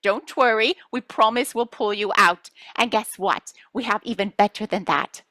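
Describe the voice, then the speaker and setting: Channeling a playful star-being collective, a woman reassures and teases her audience, addressing them as children with gentle scolding. She uses a mid-range voice at normal speed, lightly acted, and there's no room sound.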